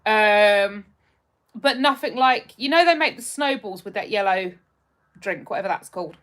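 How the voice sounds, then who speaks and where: Chatting casually on her live stream, this young woman from just outside London, England has a mid-range, fairly bright voice with lively intonation and a moderate pace. She rambles through viewer comments with frequent ums and restarts.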